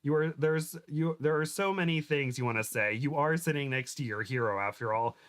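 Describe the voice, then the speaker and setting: Guy reading cringey fanfic out loud, medium voice, keeps cracking up and tripping on words. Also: medium pitch. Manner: reads aloud with stumbles and giggles, quick voice shifts for quotes. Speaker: podcast host reading fan fiction aloud. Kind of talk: comedic dramatic reading.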